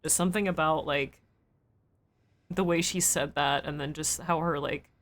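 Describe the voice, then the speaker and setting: A woman streamer talks into a desk mic from her home setup, thinking aloud about a game scene. Her speech wanders and restarts, full of fillers and small pauses, with an emotional undertone. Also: low-pitched, steady tone. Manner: rambling and reflective, many fillers and restarts. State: emotional and weepy. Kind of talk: live-stream gameplay commentary.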